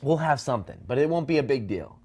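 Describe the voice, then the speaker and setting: Man, show host, casual chat, rapid pace, rambling, lots of fillers. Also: breathy edge. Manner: rambling, full of "like" and restarts; excited, pitching an idea.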